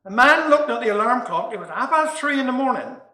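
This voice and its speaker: Bright-voiced Cornish storyteller. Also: male voice, extremely high pitch, big pitch swings, a little fast. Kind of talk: comic storytelling and dialect verse. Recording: echoey room.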